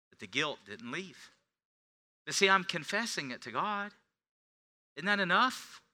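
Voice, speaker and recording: A middle-aged male pastor preaching a sermon, telling a personal story, swinging from hushed confession to loud preaching. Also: high-pitched, lively intonation, measured pace, long pauses. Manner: confessional storytelling, dropping to near whispers then rising to shouts.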